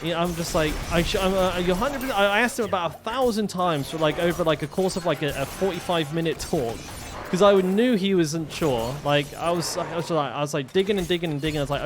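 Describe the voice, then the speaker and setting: A young man streams a game while telling rambling stories, swearing freely and packing his talk with fillers and restarts. His voice is fairly high and fairly quick, with music playing underneath.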